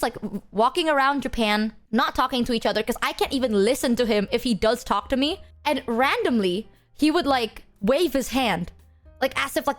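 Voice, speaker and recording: A woman streamer chatting casually with her chat, telling stories in an animated, foul-mouthed way full of fillers. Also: on the high side. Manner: animated, swears freely, filler-heavy.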